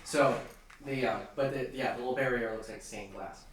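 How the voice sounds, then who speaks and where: A man's voice: medium pitch, moderate pace, fairly bright tone, heavy reverb, far from the mic, rough recording. A man narrating as game master, hesitant and full of ums and restarts.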